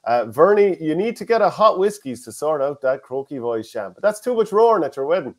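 An Irish man hosting a casual sports chat, reading out listener comments and giving his own views. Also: on the high side. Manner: fast, animated, reads listener comments aloud. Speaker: podcast host.

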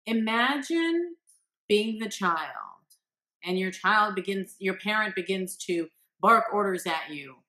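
This parenting coach, a woman with a mid-range voice and a sharp tone, talks directly to the camera with earnest, encouraging advice for parents. She acts out each quote as she shares it.

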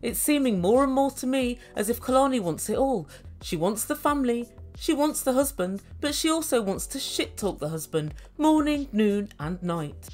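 A woman's voice: sits high, expressive, normal speed, a little mellow, faint music behind. A woman recapping a reality show, with wry, mocking asides. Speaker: reality TV reviewer. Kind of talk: sarcastic recap commentary.

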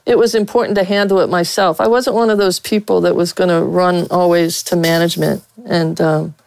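A veteran sportswriter from Pittsburgh tells blunt stories as a guest in a casual interview, with many fillers and laughs. Her lowish voice is gravelly and a little mellow, steady in tone and a little fast. The recording is dry and poor in quality.

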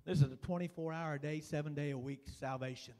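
A man preaching a sermon in a folksy, fervent way, dotting his lines with "uh" and dropping suddenly to a hush. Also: fairly high pitch, steady tone, fast talker. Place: church sanctuary. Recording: long reverb of a church hall.

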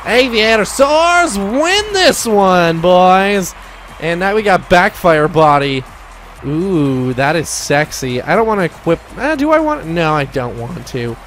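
A man giving excitable commentary over his own gameplay, shouting and laughing at near misses and goals. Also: on the high side, measured pace, slight background noise. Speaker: gaming YouTuber.

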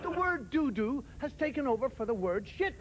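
A man's voice: very high voice, very animated, normal speed, a crowd in the background. A male comedian telling wry stories in a stand-up monologue, mimicking the way other people talk. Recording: old TV recording with audience laughter and hiss.

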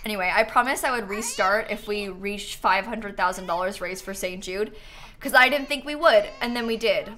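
A young woman chatting casually to her viewers while playing a game live, animated and talking back to the game. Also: medium pitch, moderate pace, slight background noise. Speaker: streamer. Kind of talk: casual live-stream gameplay chat. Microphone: headset.

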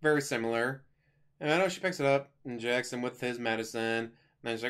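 A man's voice: mid-range voice, steady tone, quick pace, fairly bright tone, clean tone. A man giving a casual spoken movie review, chatty and rambling, with offhand jokes as he retells the plot.

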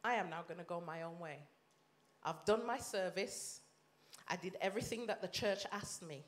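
A woman minister from Leeds with a Yorkshire accent, giving an impassioned sermon testimony that swings between loud and hushed. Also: fairly low pitch, normal speed. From Leeds, England. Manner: impassioned, rises and drops sharply in volume. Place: church or conference hall. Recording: echoey hall.

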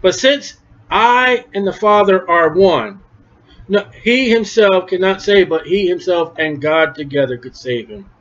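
A man's voice: sits high, measured pace, fairly bright tone. A man preaching a conversational Bible-study sermon, emphatic, often repeating words. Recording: dull lo-fi recording.

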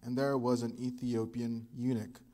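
A man preaching a sermon as pastor, telling stories in an animated way and acting out the quotes. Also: mid-range voice, moderate pace. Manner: animated storytelling with acted quotes. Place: church.

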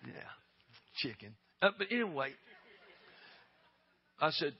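An older man preaching at a church revival, telling a tearful story and building to shouted calls for prayer. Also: mid-range voice, lively intonation, a little fast, pauses often, muffled recording. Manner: tearful, rising to shouted exhortation. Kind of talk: emotional storytelling sermon.

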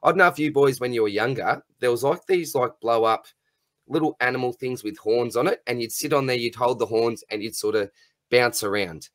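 A man's voice: mid-range voice, a little fast, a bit bright, no echo. A man hosting a casual podcast chat, jokey and laddish, calling everyone mate. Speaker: podcast host.

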